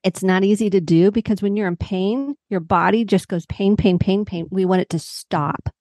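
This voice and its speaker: Animated storytelling woman, dry sound. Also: medium pitch, normal speed, no room sound. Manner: animated, warm storyteller who acts out quotes. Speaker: psychotherapist guest. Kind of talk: conversational storytelling.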